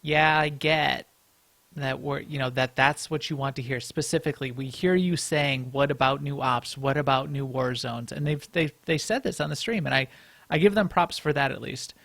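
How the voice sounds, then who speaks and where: A man co-hosts a podcast in easy, casual chat, his slightly high voice carrying a gravelly edge. He rambles through frequent restarts and little chuckles. The sound is dry and close, with no room to speak of. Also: moderate pace, a bit bright, dry recording. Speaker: podcast co-host.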